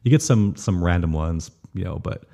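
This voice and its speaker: A man hosting a podcast in casual chat, making his points in a measured, thoughtful way with frequent "you know". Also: low voice, gravelly, warm tone. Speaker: podcast host.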